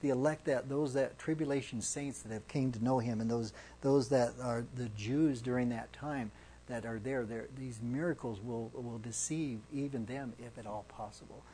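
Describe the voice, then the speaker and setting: A man's voice: medium pitch, dark tone, slight background noise. A man teaching through a Bible passage as a pastor, reading verses aloud with emphasis and restarting phrases as he explains. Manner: halting, restarts phrases, reads scripture with emphasis.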